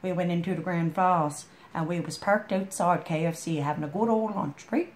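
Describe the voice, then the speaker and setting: In a roomy, echoing recording, a woman with a lowish, slightly mellow voice reads a storybook aloud at a moderate pace. She often pauses for homespun, chatty asides, addressing the listener like a friend.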